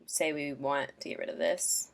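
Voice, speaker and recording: Low-voiced woman giving a chatty walkthrough. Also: fairly even intonation, normal speed. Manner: chatty, loose, full of ums and likes. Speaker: template designer walking a client through templates. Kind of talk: casual screen-share tutorial.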